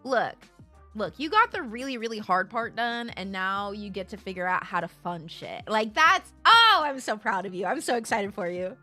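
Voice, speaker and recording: A woman streamer talks casually to her viewers through a streaming mic. Her voice is bright and sharp, and her pitch swings widely as she rants bluntly and swears without a filter. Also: normal speed, faint music behind. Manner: animated and blunt, swears freely. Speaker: live streamer. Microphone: streaming microphone.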